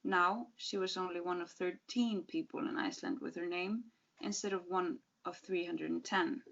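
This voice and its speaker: A woman reading a short story aloud at a literary event, at a measured pace, sometimes correcting herself. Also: on the low side, steady tone, vocal fry, fairly bright tone. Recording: dull lo-fi call audio.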